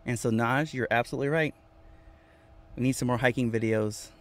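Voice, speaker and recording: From inside his van, a male vlogger chats casually on a livestream, reading viewers' comments aloud and addressing them by name. He repeats himself with lively energy, his mid-range voice moving fairly quickly.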